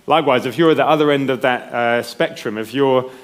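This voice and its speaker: A man's voice: medium pitch, fairly quick. A man preaching a sermon in a conversational way, often checking in with the congregation. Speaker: pastor.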